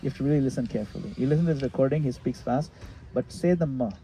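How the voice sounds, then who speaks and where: A man leading a retreat session, explaining a practice in a relaxed, casual way and sometimes laughing at his own jokes. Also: mid-range voice, rapid-fire, rough recording. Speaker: retreat leader answering questions. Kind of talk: casual teaching in a group session. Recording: faint background noise.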